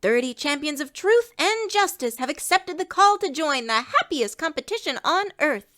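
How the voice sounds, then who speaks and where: A woman's voice: high-pitched, lively intonation, normal speed, a bit bright. A woman voicing a chipper adult female cartoon duck who co-hosts as an announcer, in a fan audio drama. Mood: announcing. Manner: bubbly showbiz announcing. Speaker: co-host announcer.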